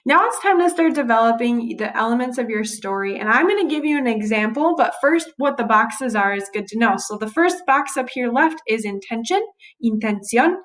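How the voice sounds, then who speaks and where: A young woman teacher records a relaxed tutorial while typing notes on screen. Her voice sits a little on the high side, and she talks casually, catching and fixing her own slips as she goes. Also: normal speed, rough recording.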